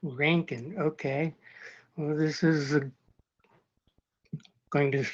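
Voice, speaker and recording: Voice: mid-range voice, steady tone, takes it slowly, pauses often. A contestant at an online spelling bee who hesitates and asks for words and definitions again. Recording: dull lo-fi online audio.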